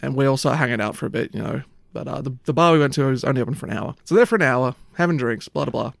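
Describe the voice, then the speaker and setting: A man's voice: mid-range voice, expressive, rapid-fire, vocal fry, no room sound, clean studio sound. A man telling a long, rambling story in casual chat, swearing often. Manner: rambling anecdote, frequent swearing and "like".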